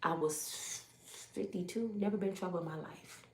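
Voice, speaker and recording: A woman in her fifties telling her life story as a testimony, acting out the voices of others and swinging from loud exclamations to hushed asides. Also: on the low side, moderate pace. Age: 50s. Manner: animated, acts out others' voices in quotes. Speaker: YouTube storyteller. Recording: roomy echo.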